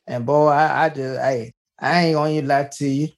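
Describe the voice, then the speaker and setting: A man's voice: fairly high pitch, fairly even intonation, fairly quick, creaky, hardly any pauses. A man hosting a podcast, telling a personal story in a folksy way, often starting with "hey" and restarting his sentences. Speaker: podcast host. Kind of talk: casual storytelling.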